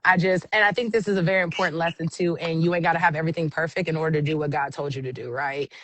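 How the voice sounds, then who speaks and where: A woman's voice: deep voice, steady tone, rapid-fire, fairly bright tone, no room sound, rough recording. A woman who works as an event MC, talking expressively and emotionally in a casual interview. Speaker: guest, event MC. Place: Oakland area event scene.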